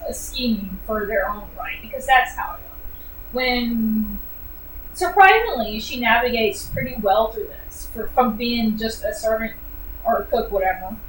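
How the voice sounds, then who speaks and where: A woman with a fairly high voice gives a casual book review, animated and sarcastic, with plenty of fillers. She sits some distance from the mic in a roomy, echoey space, with faint noise behind her. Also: measured pace.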